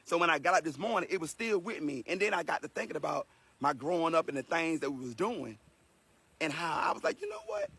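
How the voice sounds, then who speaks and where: A sweating man gives his viewers an earnest, emotional spoken lesson in a casual, repetitive way, coming across as preachy and repeating himself. His voice is fairly high and brisk, with vocal fry, a sharp tone and a breathy edge, and there's no echo.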